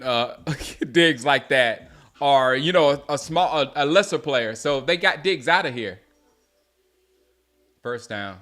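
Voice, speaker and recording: A man from South Carolina hosting a live game watch-along, reacting loudly to plays and chatting with viewers by name. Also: fairly high pitch. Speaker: host.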